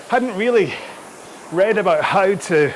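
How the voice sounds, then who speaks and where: Chatting while hosting a live rowing workout, this man gets winded between sprints. His voice sits high, picked up by a throat-worn mic in his home studio with slight background noise.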